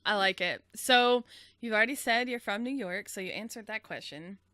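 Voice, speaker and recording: A woman's voice: mid-range voice, normal speed, bright, forceful tone, no echo. A woman hosting a podcast, asking questions in an upbeat, casual interview chat and laughing often. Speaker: podcast host.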